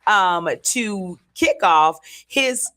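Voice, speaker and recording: A woman co-hosting a community morning show, chatting casually with enthusiastic, steady storytelling. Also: mid-range voice, very slow. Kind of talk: casual chat.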